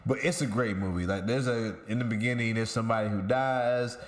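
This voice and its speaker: A man's voice: fairly low pitch, fairly even intonation, fairly quick. A man hosting a podcast with his friends, talking loosely and profanely, rambling through a story with restarts. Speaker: podcast host. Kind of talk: casual chat.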